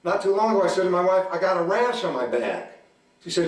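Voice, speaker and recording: Male comic in his forties, deadpan, acts out both sides of a quarrel, higher voice, picked up from a distance in an echoey church hall. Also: fast. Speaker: comedian. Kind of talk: stand-up comedy at a church event.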